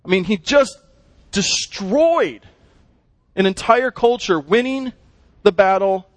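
A man with a high voice teaches a Bible lesson to a class, explaining the text in an animated way and putting questions to his listeners. There's no echo.

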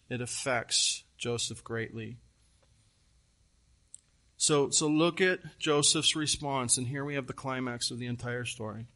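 A man preaching a sermon, retelling a scripture story with earnest, animated emphasis and repeated phrases. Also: a little high. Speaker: pastor.

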